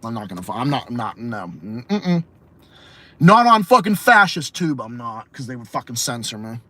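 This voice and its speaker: A podcast host and streamer runs a late-night livestream podcast, ranting casually, swearing a lot, repeating himself and laughing often. His medium-pitched voice is very animated and sharp, at normal speed, in a dry recording.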